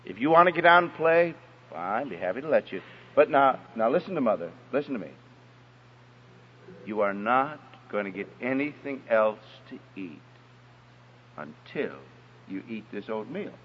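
Man as a kind, steady mother, hushed, dull lo-fi sound. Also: mid-range voice, brisk, a little hiss or hum, voice pushed down. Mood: gentle firm. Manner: soft, gentle, quiet. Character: kind, calm, firm mother. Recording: dull recording in echoey hall.

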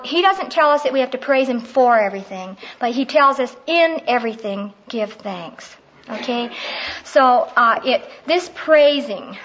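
A woman's voice: sits high, fairly bright tone, highs cut off. A middle-aged woman teaching on prayer in a conversational, heartfelt way, telling personal stories.

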